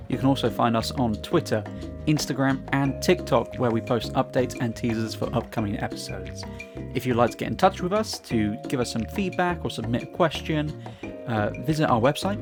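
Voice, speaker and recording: Dry man with music behind. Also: mid-range voice. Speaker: podcast host. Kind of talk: casual chat and read-out promo.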